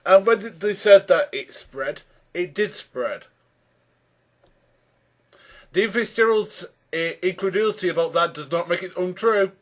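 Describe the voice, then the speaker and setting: Guy with a slightly high voice ranting back at someone, exasperated, keeps restarting sentences. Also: unhurried, pauses often. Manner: exasperated, addresses his opponent directly by name; repetitive restarts while building a point. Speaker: YouTube commentator rebutting a video. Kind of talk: argumentative response commentary.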